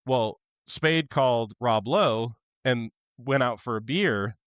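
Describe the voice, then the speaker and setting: A man co-hosting a casual podcast, telling stories with animated energy and acting out the lines of the people in them. His voice sits in a middle register. The recording is dry and a little dull, with no room sound. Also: mid-range voice, slow pace, no room sound. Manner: animated storytelling, acts out quotes. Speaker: podcast co-host. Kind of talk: casual chat.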